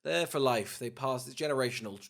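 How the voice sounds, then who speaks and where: A man co-hosting a casual comedic film-review podcast, joking and slipping into quick mock voices. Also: mid-range voice, gravelly, a bit bright. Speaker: podcast co-host.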